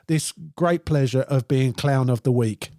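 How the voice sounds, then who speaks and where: A man's voice: mid-range voice, measured pace, dark tone, no echo. A middle-aged man co-hosting a podcast, casually chatting and reading out odd news stories, often laughing as he reads. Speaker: podcast co-host.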